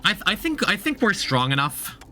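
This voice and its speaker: A man's voice: high voice, very animated, a little fast, sharp tone, a little hiss or hum. A man streaming a game, chatting casually, thinking aloud, repeating himself and talking to his chat. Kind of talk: casual gameplay commentary.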